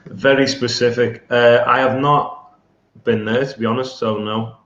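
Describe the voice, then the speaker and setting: A male guest chatting casually on a live stream, relaxed and a little hesitant. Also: medium pitch, a little slow, a crowd in the background. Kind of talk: casual chat. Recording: echoey, dull remote audio.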